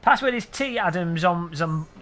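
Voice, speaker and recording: While getting a racing-game server ready on stream, a man talks to his chat in a chatty, jokey way. His voice is high-pitched, expressive and fairly bright, at a normal speed.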